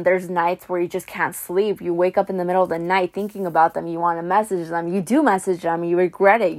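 A young woman vlogging heartfelt advice about letting go after a breakup, earnest and repetitive, calling the listener honey. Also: on the low side. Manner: earnest, repeats phrases for emphasis, calls listener honey. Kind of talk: emotional pep talk to camera.

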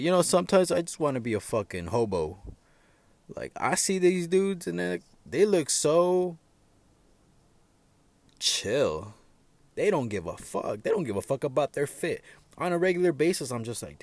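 A young man talking casually on his own podcast from his parked truck, frank and profane, stumbling over fillers and restarts and getting loud and heated when he rants. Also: fairly low pitch, sing-song, unhurried, dry recording. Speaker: podcast host. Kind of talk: casual solo venting podcast.

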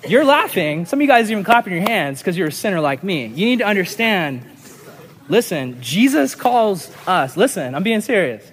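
A man's voice: high voice, very animated, normal speed, fairly bright tone, long reverb tail, slight background noise. A male pastor giving a conversational, earnest sermon, repeating lines for emphasis.

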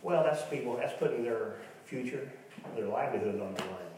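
A man's voice: mid-range voice, animated, brisk, a little mellow, a little hiss or hum. A male pastor giving a sermon in a folksy, conversational way, telling stories and speaking directly to his congregation. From Kansas, USA. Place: church sanctuary. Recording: very echoey church hall, mic at a distance.

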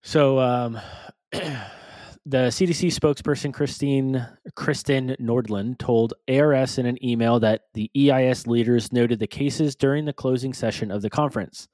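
A man's voice: medium pitch, measured pace, a little mellow, dry recording. A man co-hosting a casual podcast, reading news stories aloud with stumbles and joking asides.

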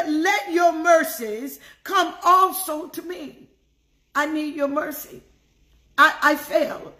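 A woman's voice: high voice, a bit bright, reverberant. A woman leading a devotional sermon, fervently praying aloud and repeating her phrases. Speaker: devotional teacher. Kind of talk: prayerful sermon on scripture.

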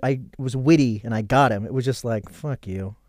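A man's voice: mid-range voice, brisk. A man in his thirties, a podcast guest, telling a rambling story in casual chat, swearing a lot and acting out what people said. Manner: animated, swearing, acts out quoted lines.

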